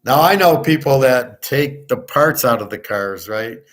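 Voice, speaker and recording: A man hosting a casual livestream, talking loud and clear on purpose, blunt and opinionated, rambling from one point to the next. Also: medium pitch, lively intonation, a little slow. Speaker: sports handicapping show host. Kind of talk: casual livestream chat with viewers.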